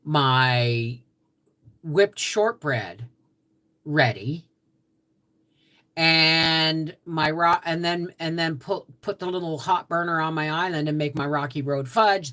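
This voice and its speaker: A woman's voice: deep voice, slow pace, a bit bright. A Canadian woman hosting a casual homestead livestream, greeting viewers by name in a chatty way, just out of bed. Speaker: livestream host.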